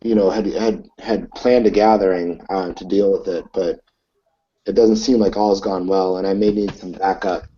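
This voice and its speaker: A man's voice: deep voice, steady tone, moderate pace, mellow. A man playing a character in a tabletop game, speaking hesitantly with many fillers. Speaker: player. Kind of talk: in-character tabletop role-play. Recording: dull lo-fi recording.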